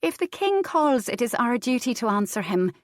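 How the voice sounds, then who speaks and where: A woman voicing a young Highland heiress, a bold and playful wife who speaks with a lilting, higher voice. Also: very animated, normal speed, no room sound, clean studio sound. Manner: lilting and playful, with high squeals.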